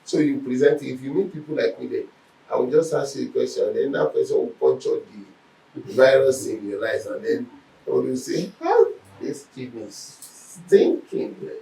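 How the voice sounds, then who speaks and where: Captured at a distance in an echoey room, a man teaches a Bible lesson through animated stories, voicing the quoted speech himself. He speaks at medium pitch, a little fast, with vocal fry.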